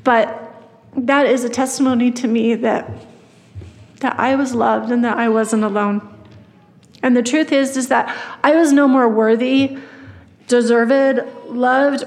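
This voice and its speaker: A woman's voice: on the high side, fairly even intonation, measured pace. A woman giving a personal testimony talk at church, telling her story earnestly with many fillers and restarts. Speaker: church speaker. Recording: long reverb of a hall.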